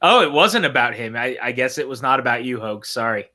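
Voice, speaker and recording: A man's voice: mid-range voice, expressive, quick pace, pushed and bright. A man hosting a casual movie watch-along chat, enthusiastic and teasing, with occasional swearing. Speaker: podcast host.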